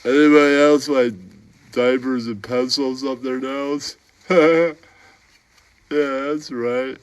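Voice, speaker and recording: A man talking in a slow, offhand way during a comedy bit. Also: medium pitch, fairly even intonation, clean tone.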